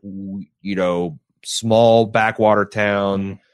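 Rambling low-voiced man chatting. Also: steady tone, extremely slow, smooth, dry recording. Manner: rambling, filler-heavy, swears casually. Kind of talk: casual chat about TV shows.

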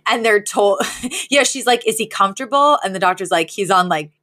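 A woman's voice: medium pitch, fairly quick. Chatty woman recapping a sitcom. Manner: animated retelling, acting out lines in shifting voices. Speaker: podcast co-host. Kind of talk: casual recap chat.

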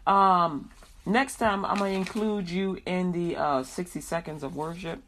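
Woman, Christian radio host, slow drawn-out prayers, chatty, laughs often. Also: fairly low pitch, fairly even intonation, fairly bright tone.

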